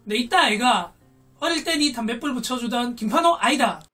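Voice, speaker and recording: An actor with a Gyeongsang Korean accent playing a brash man in a film, talking in a rapid, swaggering way. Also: very high-pitched, animated, bright, forceful tone, exaggerated voice. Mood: boastful. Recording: film clip with music behind.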